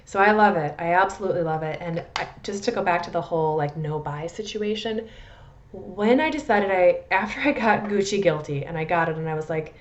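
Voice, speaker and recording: On a muffled recording, a fairly low-pitched woman talks briskly about perfumes. The Midwest USA vlogger has a Midwestern accent and a casual, chatty style that rambles a little. She's self-deprecating and keeps restarting her thoughts.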